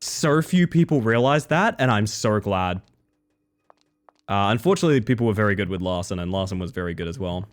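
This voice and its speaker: A man's voice: on the low side, animated, fairly quick. An Australian man streaming a game, chatting casually with his viewers and often breaking off and restarting his sentences. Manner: rambling, self-interrupting, casual swearing. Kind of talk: casual live-stream chat.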